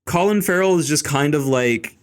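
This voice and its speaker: Man, slightly high voice, casual podcast chat, blunt and profane, mocking impressions. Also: expressive, moderate pace, clear, resonant tone. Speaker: podcast host.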